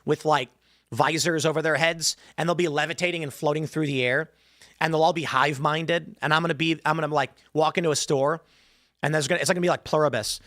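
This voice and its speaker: A man with a bright, fairly high voice hosts a live stream in a loose, rambling chat. He reads comments from viewers aloud and slips into mock voices for quick asides. The sound is dry and close. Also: steady tone, no echo. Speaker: live show host. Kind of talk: casual livestream chat.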